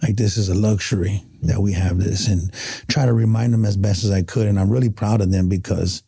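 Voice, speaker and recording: A man's voice: fairly low pitch, fairly even intonation, a little fast, creaky, mellow, breathy edge. A middle-aged man. He is a podcast guest telling reflective stories in an earnest, heartfelt way, often stopping and restarting. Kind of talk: reflective storytelling in casual conversation.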